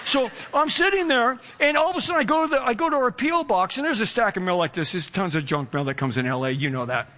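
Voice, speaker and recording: A pastor with a very high, bright voice preaches in a lively, anecdotal way. He tells his story with energy and keeps slipping into the conversations he describes. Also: fast talker, few pauses. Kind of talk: storytelling sermon.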